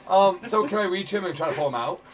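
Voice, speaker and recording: A man's voice: sits high, animated, quick pace, slight background noise, poor audio. A man playing in a tabletop game, talking hesitantly with many ums as he works out his moves. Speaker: player.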